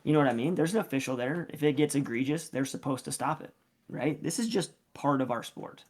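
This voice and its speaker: A man's voice: fairly high pitch, lively intonation, fairly quick, a little mellow. A man who coaches youth wrestling, telling a story casually on a podcast, acting out the quoted lines with lots of fillers.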